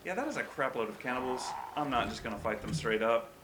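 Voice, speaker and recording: A man's voice: mid-range voice, animated, fast, noisy background. A man giving gameplay commentary as a let's-play host, musing wryly and yelping when startled. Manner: wry, self-deprecating musing with sudden startled yelps.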